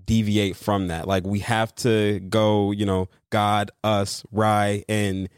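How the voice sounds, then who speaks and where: A young man co-hosting a casual chat with his wife, relaxed and agreeable, often putting in "yeah" and "mm-hmm". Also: fairly low pitch, slow pace, clean tone, no echo, clean studio sound. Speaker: co-host, married creator couple.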